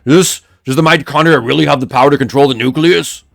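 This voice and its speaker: A man's voice: medium pitch, quick pace, dry recording, studio quality, voice pushed up, lightly acted. A man doing a sultry heroine's voice. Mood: questioning.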